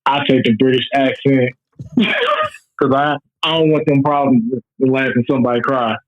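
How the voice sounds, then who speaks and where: A man's voice: medium pitch, fairly even intonation, moderate pace. A man appearing as a guest on a casual podcast, talking bluntly and plainly. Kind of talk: casual chat. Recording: slightly dull, muffled mic.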